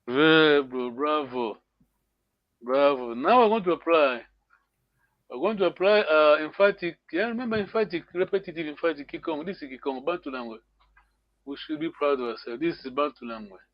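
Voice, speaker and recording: A man's voice: on the high side, normal speed, no echo, muffled recording. A man teaching a language class online, encouraging students and repeating words often.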